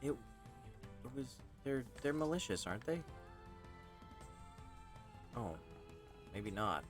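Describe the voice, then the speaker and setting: A man's voice: mid-range voice, faint music behind. A man streaming a video game, chatting casually and laughing at himself. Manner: animated, quick to laugh at himself. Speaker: streamer and voice actor. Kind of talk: casual gameplay chat.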